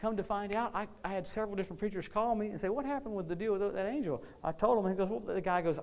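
Preacher guy, kinda high voice, folksy and animated, tells stories from the pulpit and stumbles over words when he gets going. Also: fast talker, creaky, few pauses. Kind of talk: storytelling sermon.

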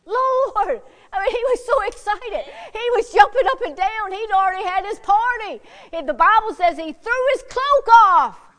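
A woman pastor preaching fervently, swinging from loud exclamations to hushed prayer. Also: very high voice, lively intonation, normal speed. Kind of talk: sermon.

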